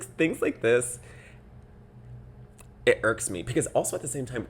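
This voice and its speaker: A man's voice: medium pitch, unhurried, long pauses, husky. A young man hosting a podcast, telling a story in a casual, exasperated rant. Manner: exasperated, animated storytelling with mocking quoted voices. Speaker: podcast host.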